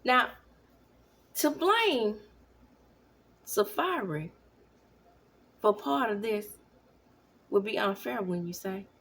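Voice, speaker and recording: Animated woman in her thirties. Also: medium pitch, takes it slowly, long pauses, slight background noise. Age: 30s. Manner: animated, drops into whispers. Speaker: vlogger. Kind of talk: casual commentary. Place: home, at night.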